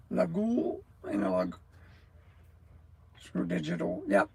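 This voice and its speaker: A woman in her sixties chats slowly and loosely on a livestream, drifting off topic and laughing. Her voice is gravelly and scratchy with a rattle. It also sounds a bit husky. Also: fairly low pitch, expressive. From New Mexico. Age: 60s. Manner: rambling, loses her train of thought, laughs often. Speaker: livestream host, truck driver. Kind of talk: casual livestream chat.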